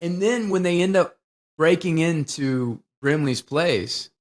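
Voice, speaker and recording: A man co-hosting a podcast, talking casually about a film and retelling its scenes in an animated, profane way. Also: fairly high pitch, takes it slowly. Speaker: podcast co-host.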